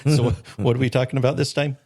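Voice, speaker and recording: A man's voice: mid-range voice, fairly even intonation, quick pace, a little mellow. A man co-hosting a podcast in casual chat, chatty and laughing often as he tells stories. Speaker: podcast co-host.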